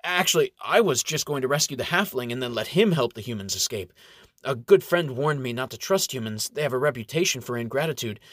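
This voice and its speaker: A man's voice: mid-range voice, lively intonation, brisk, fairly bright tone, no room sound, clean studio sound. A man voicing a young, idealistic male elf who speaks earnestly and with determination.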